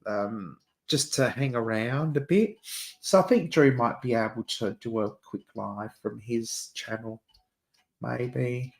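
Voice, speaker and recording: The channel host is a gravelly, mid-range-voiced man with an Adelaide Australian accent. On his laid-back livestream he chats away in a camp manner, laughing frequently and calling his listeners "dear."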